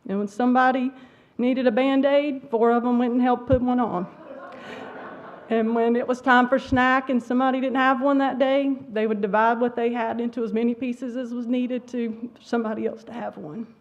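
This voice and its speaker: A woman's voice: fairly high pitch, little pitch movement, normal speed. A middle-aged woman teacher speaking at a church school awards service, emotional and trying not to cry. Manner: emotional, near tears. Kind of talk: award ceremony speech. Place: church sanctuary. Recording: dull lo-fi sound.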